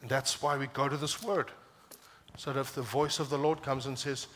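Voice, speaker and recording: Man, pastor, sermon, passionate, swings from loud emphatic peaks to low quiet scripture reading, mid-pitched voice. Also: fairly quick, slight background noise. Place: church.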